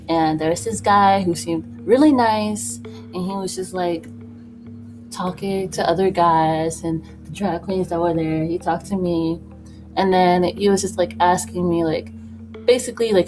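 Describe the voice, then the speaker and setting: A woman's voice: lowish voice, darkish tone. A young woman vlogging casually while getting ready, rambling with lots of fillers and little laughs. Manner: rambling, filler-heavy, many "like"s; laughs between thoughts. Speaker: beauty vlogger. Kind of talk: casual get-ready-with-me chat. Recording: music playing clearly behind voice.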